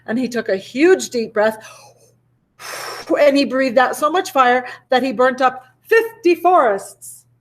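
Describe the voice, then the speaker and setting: A woman teacher reading a picture book aloud to children with expressive, animated storytelling. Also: high voice, a little slow. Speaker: elementary school teacher.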